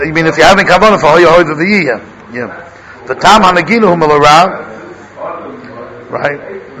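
A middle-aged man teaches a class, chanting lines of text and then breaking into relaxed English asides. His voice sits a little high. The recording carries the clear murmur of a room full of students. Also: rough recording. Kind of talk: Torah class, reading and explaining text. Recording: class recording with audience noise.

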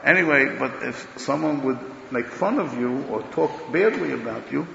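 A man giving a Torah lecture in an emphatic, loud way, swinging between declarations and muttered asides, recorded dull in an echoey hall. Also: mid-range voice, animated, moderate pace, vocal fry, noisy background. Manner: talks loudly, says he is hard of hearing. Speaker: rabbi giving a Torah class.

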